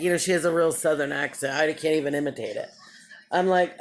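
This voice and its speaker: A woman's voice: low-pitched, fast talker. A woman giving a casual vlog update, telling a story in a rambling, chatty way, often laughing and acting out what others said. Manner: acts out other people's lines in the story. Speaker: vlogger.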